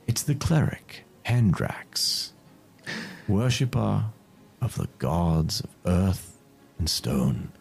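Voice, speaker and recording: Brief: male game master, husky and gravelly, lively delivery, playful tabletop narration. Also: sits low. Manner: playful, self-mocking, excitable narration. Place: home streaming setup.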